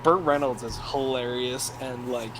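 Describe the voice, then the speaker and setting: A man's voice: mid-range voice, steady tone, normal speed, noisy background. A man co-hosting a casual film podcast, chatty and full of "like". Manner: chatty, peppered with "like". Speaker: podcast co-host.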